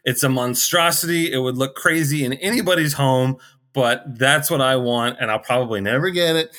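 A man's voice: mid-range voice, normal speed, a bit bright. A man chatting as a podcast guest, giggly and jokey, going off on rambling comic rants. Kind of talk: casual chat.

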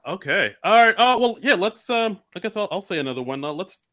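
Podcast co-host, male, eager and upbeat, bright tone. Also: sits high, brisk. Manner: enthusiastic, excitable. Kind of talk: casual chat.

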